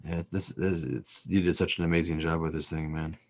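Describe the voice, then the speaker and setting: A man chatting on a livestream in a quick, enthusiastic way. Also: a bass voice, little pitch movement. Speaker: livestream guest. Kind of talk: casual stoner chat.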